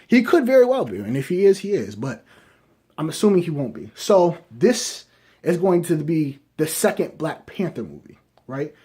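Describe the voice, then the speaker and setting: A man's voice: fairly high pitch, big pitch swings, normal speed, mellow, breathy edge. A man reviewing movies, rambling through casual fan speculation and often checking in with his listeners. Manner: rambling, keeps asking "right?" and hedging.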